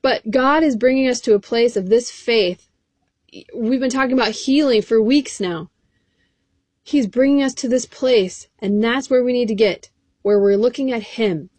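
A woman's voice: on the high side, normal speed, a little mellow, no room sound. A woman preaching an encouraging sermon, reading scripture verses aloud in an earnest way.

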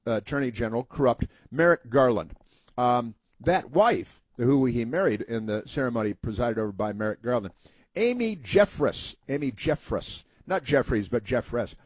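A man hosts an opinion talk radio show with a middle-pitched voice. He talks in a sarcastic, halting way, restarting phrases often. The sound is dry and close, with no room around it. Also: darkish tone, husky, no echo.

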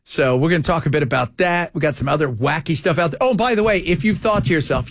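Male talk radio host, high animated voice, dry close studio sound, joking banter. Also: quick pace, creaky, few pauses, no room sound. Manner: animated, mocking put-on voices. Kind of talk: casual banter.

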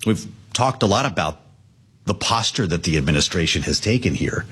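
A man anchoring a live business news show, speaking in a conversational, lively way. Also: deep voice, normal speed, slightly rough.

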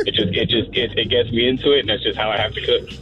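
A male caller on a radio show, relaxed and halting, often repeating words as he talks. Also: mid-range voice, muffled recording. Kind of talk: phone-in chat.

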